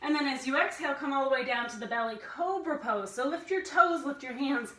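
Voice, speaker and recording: A woman's voice: high-pitched, brisk, sharp tone, reverberant, recorded from a distance, poor audio. A woman instructor guiding a family yoga class, playfully cueing breaths and inviting animal sounds.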